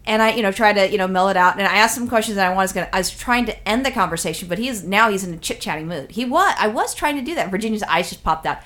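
A woman chatting as a podcast co-host, rattling off a long anecdote at a quick clip. She swears often and tells it loosely, with lots of restarts and asides. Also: mid-range voice. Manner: rambling, profane, animated storyteller. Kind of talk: casual storytelling chat.

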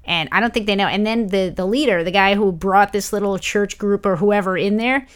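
Woman co-host, smooth clear voice, wry and descriptive in relaxed chat. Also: medium pitch, fairly quick. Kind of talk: casual chat.

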